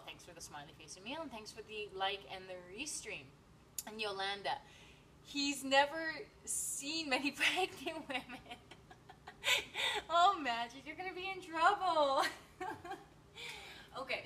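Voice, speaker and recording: A woman's voice: mid-range voice, pushed and bright, far from the mic, slight background noise, poor audio. A woman hosting a live cooking stream, chatting to viewers and reading their comments with many fillers and giggles. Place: home kitchen.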